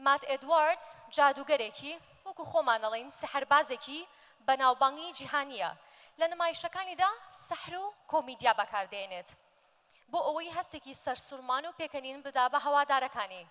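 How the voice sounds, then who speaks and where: Event presenter woman, very fast and high-pitched, formal announcing in a reverberant hall. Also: expressive, fairly bright tone. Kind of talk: scripted stage introduction.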